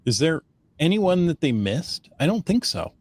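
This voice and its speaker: Male podcast host, slightly high, very animated and teasing, dry close mic. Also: normal speed, husky, no room sound. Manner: lively, teasing, laughs through stories. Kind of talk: casual podcast chat.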